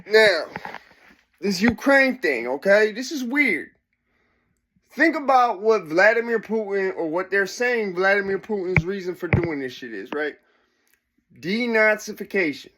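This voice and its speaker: A man ranting casually to his viewers, with slurred, loose speech that gets loud when he's worked up, often asking if you follow. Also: sits high, animated, unhurried, background noise. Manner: profane and conversational, keeps asking if you follow. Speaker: vlogger. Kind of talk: casual rant to camera.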